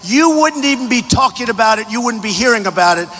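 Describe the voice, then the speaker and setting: A presidential candidate giving a boastful, repetitive campaign rally speech, often shouting, in a large packed hangar. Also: male voice, very high voice, animated, quick pace. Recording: echoey hangar hall.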